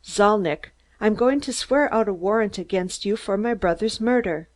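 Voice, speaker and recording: A woman's voice: mid-range voice, normal speed, darkish tone, natural voice. A woman voicing a cold, firm male lawyer. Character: cold, determined male lawyer turned detective.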